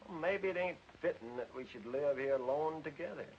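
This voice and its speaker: An actor playing a shy, middle-aged hired hand who speaks in a bashful drawl. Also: male voice, on the high side, a little fast, natural voice. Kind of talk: 1940s film acting. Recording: muffled old film soundtrack with faint hiss.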